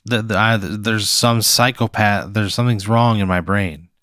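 A man's voice: fairly low pitch, steady tone, normal speed, a bit bright, no echo, clean studio sound. A man playing himself in an improvised comedy scene, exasperated and swearing often. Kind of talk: improv comedy role-play.

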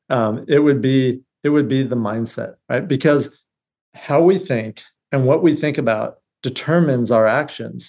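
A man's voice: mid-range voice, a little mellow. A man who is a guest on a podcast interview, speaking bluntly and with energy, often restarting his phrases. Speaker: guest, real estate business leader. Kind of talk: casual interview conversation.

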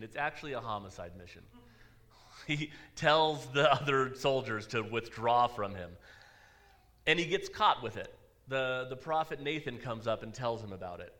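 A man's voice: medium pitch, sharp tone. A man, a pastor, preaching a sermon in a church in a conversational way, with dry asides.

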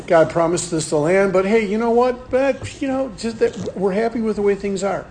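A man's voice: high-pitched, moderate pace, darkish tone, a little hiss or hum. A man hosting a podcast, talking through a Bible passage in a casual, explanatory way and pressing his points with questions. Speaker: podcast host leading a Bible study. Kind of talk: casual Bible study discussion.

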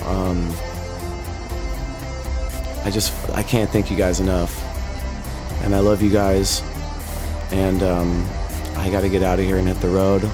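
A male podcast host speaks slowly and haltingly, choking up and swearing as he thanks his listeners. His voice sits a little low. Music plays clearly beneath him. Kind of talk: emotional farewell message to listeners. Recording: music playing clearly underneath.

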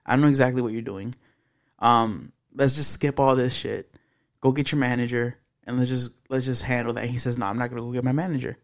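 A man's voice: medium pitch, fairly even intonation, fairly quick. A young man co-hosting a podcast, telling a story in blunt, profane casual chat. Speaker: podcast co-host.

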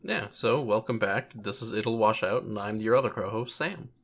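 A man's voice: fairly low pitch, moderate pace, gravelly, a bit bright. A man co-hosting a podcast in laid-back, wry casual chat. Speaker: podcast co-host.

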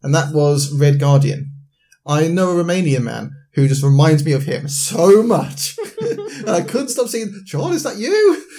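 A man's voice: fairly high pitch, animated, moderate pace, mellow. Playful man with a raised voice. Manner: playful teasing, bursts into laughter, stumbles over words. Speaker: podcast co-host. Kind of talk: casual chat about books and films.

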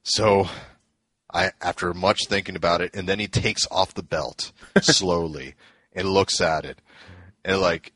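A man's voice: deep voice, steady tone, unhurried, fairly bright tone, breathy edge, no room sound. A man co-hosting a casual podcast, eagerly recounting old events and laughing often. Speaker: podcast co-host. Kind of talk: casual storytelling chat.

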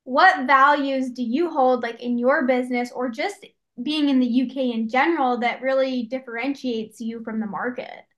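Woman host, high pitch, halting questions with fillers. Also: steady tone, fairly bright tone, dull audio. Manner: searching, hesitant phrasing with fillers. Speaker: podcast host. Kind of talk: interview questions.

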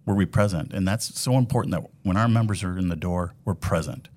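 A man with a Minnesotan accent speaks in a low, deep voice. He is an executive guest on a podcast, earnest and upbeat, leaning on tidy leadership phrases as he chats. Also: brisk, a little mellow. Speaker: credit union CEO, podcast guest. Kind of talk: casual interview.

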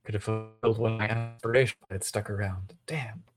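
A man's voice: fairly low pitch, fairly even intonation, fast talker, over music. A man playing a tabletop game, speaking in an offhand, joking way. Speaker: player.

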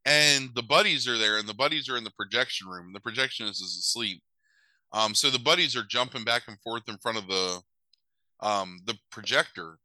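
A man's voice: fairly low pitch, fairly quick, sharp tone, dry recording, low-quality recording. A man recapping a movie in a loose, sarcastic chat, swearing casually and using many filler words.

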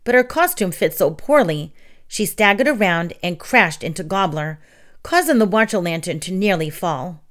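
A woman narrating a children's storybook aloud in an expressive way. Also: lowish voice, moderate pace. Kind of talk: reading children's stories aloud.

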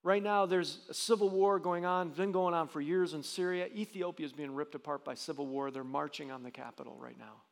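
A man's voice: fairly high pitch, fairly quick, gravelly, few pauses, long reverb tail. A man preaching a sermon as pastor, earnest, with frequent restarts and rising emphasis.

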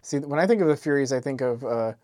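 A drunk man co-hosting a podcast in casual chat, relaxed and joking, asking quick questions. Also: medium pitch, no room sound, studio quality. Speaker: podcast co-host.

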